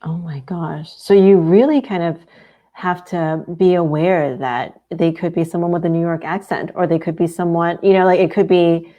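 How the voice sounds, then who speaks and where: A woman speaking as a podcast guest, talking in a quick, amused, conversational way in casual interview chat. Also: lowish voice, phone-quality sound. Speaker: podcast guest, business coach.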